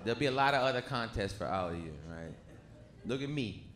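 A man doing a crude, animated stand-up comedy set on a club stage, slipping into put-on voices as he tells stories. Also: mid-range voice, brisk. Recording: echoey club with noisy crowd. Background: audience laughter.

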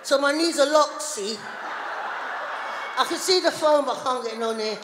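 A middle-aged woman doing a live stand-up routine, loud and chatty with the crowd. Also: high-pitched, moderate pace. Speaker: stand-up comedian. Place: large hall on stage before a live audience. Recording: echoey hall, live audience noise.

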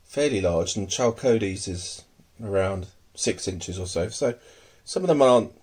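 A man's voice: sits low, lively intonation, a little slow, a little mellow, slightly rough. A man casually showing his pet tarantulas at home, hesitant and full of ums, murmuring fondly to his pets. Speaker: tarantula keeper. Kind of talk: casual hobby video.

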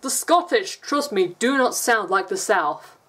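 A woman's voice: medium pitch, animated, a little slow, a bit bright. A woman from England with an English accent, chatting casually in a rambling vlog and laughing often. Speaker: vlogger.

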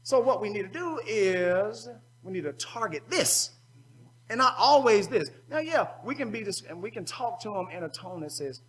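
A man's voice: sits high, expressive, normal speed, fairly bright tone, a little hiss or hum, rough recording. A man preaching a sermon at a youth seminar, colloquial and call-and-response in manner.

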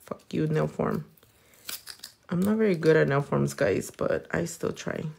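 A woman's voice: low-pitched, a little slow, gravelly, a little mellow, husky. A woman from California with a Californian accent, chatting casually and playfully while doing nails. She swears freely and mixes Spanish words into her talk. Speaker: nail technician. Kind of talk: casual chat while working, reading comments.

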